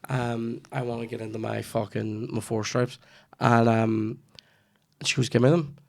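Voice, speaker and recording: A man's voice: medium pitch, completely flat delivery, unhurried, gravelly. A man, hosting a podcast and telling a comic story with plenty of swearing. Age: 30s. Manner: swears freely, restarts lines, acts out his mum in quoted asides. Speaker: podcast host. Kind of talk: casual comedic storytelling.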